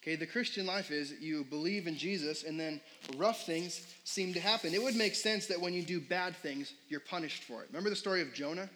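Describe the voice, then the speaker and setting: A man's voice: on the high side, a little fast, hardly any pauses, bright, forceful tone, slight background noise, rough recording. A young adult man preaching a sermon as pastor in a casual, conversational way, full of fillers and questions put to the congregation.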